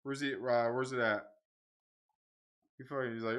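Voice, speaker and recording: A man's voice: mid-range voice, measured pace, pauses often, bright, forceful tone. A man hosting a livestream, rambling in casual profane chat and laughing often. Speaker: livestream host reading comics.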